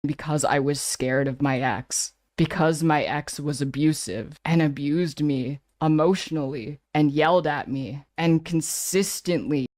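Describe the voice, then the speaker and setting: Earnest, halting statement, mid pitch, dry clip. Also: darkish tone, dry recording. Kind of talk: recorded personal statement.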